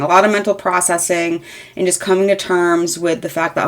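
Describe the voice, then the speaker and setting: A woman in her thirties gives a casual, rambling tarot reading at a moderate pace, her slightly low voice a bit bright. She's frank, swears lightly, and her sentences are full of fillers.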